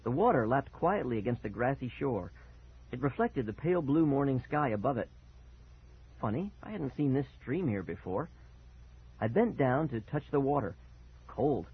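A man reading a first-person story aloud with expressive, dramatic delivery and a husky voice. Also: mid-range voice, moderate pace. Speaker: audiobook narrator. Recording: tinny phone-like sound.

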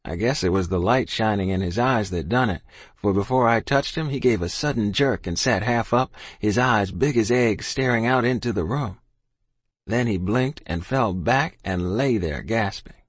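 Low husky male storyteller. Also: normal speed, no echo. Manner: plain folksy first-person telling in a boy's rural dialect. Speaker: audiobook narrator. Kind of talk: first-person storytelling narration.

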